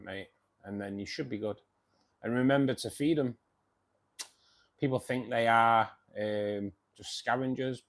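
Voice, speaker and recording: Tired, chatty man on a live stream. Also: on the low side. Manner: chatty, says "mate" often, rambling restarts. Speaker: host of a fishkeeping live stream. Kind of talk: casual live-stream chat reading viewer comments.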